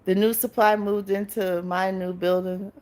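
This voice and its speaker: A woman's voice: medium pitch, flat delivery, normal speed, darkish tone. A woman hosting a casual livestream, chatting with her viewers, reading out their comments and laughing often. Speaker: livestream host.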